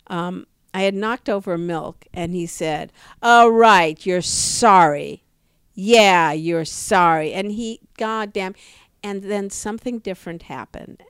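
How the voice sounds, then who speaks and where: A woman's voice: mid-range voice, clean tone, dry recording, clean studio sound. A middle-aged woman, a comedian co-hosting a podcast, telling a personal story vividly in casual conversation. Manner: vivid storytelling, acts out quoted voices.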